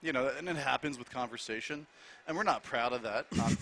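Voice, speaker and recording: A man's voice: mid-range voice, a little fast, creaky, bright, forceful tone. A man guesting on a podcast, explaining his show in a hesitant way with many ums. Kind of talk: casual bar chat.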